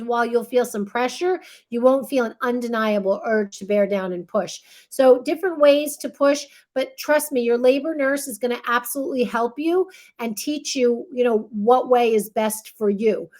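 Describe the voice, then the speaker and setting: A chatty, high-voiced woman teaches childbirth with a slightly mellow tone, reassuring listeners and checking in with "right?" again and again. As a childbirth educator giving a casual instructional talk with a demonstration, she acts out what midwives and nurses say.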